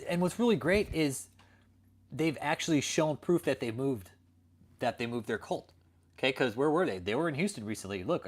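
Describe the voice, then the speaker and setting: Man, livestream host, cursing, ranting, reads chat aloud, mid-pitched voice. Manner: profane, ranting, answers chat. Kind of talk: late-night profane livestream ranting.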